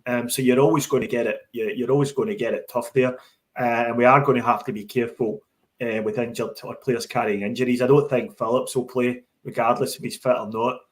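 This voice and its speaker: A man's voice: medium pitch, fairly even intonation, brisk. Emphatic man arguing football points. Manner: emphatic, repeats words as he restarts. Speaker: podcast co-host. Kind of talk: casual football chat.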